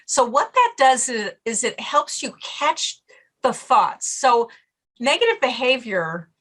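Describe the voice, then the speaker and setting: A middle-aged woman speaking as a podcast guest on stress management, telling stories in an animated way and acting out her own inner voice. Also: on the high side, takes it slowly. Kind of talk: casual interview talk.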